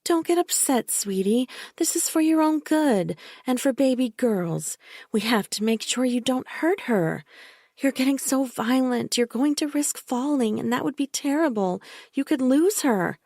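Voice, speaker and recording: A woman's voice: high-pitched, animated, measured pace, a little mellow, dry recording, clean studio sound, voice pushed up, full character voice. A woman reading an audiobook, voicing a controlling woman who talks in a syrupy, condescending, soothing voice. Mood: sickly sweet. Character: cloying controlling woman, sickly sweet.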